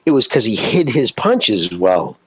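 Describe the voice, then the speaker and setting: A man's voice: on the low side, sing-song, a little slow, husky, no echo. A man co-hosting a casual podcast, blunt and swearing heavily. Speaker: podcast co-host. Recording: dull, lo-fi mic sound.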